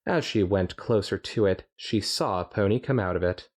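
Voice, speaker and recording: Low-voiced man reading aloud playfully. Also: moderate pace. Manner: playful, jokey, animated reading. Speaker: podcast co-host reading fanfiction. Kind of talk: reading aloud with casual chat.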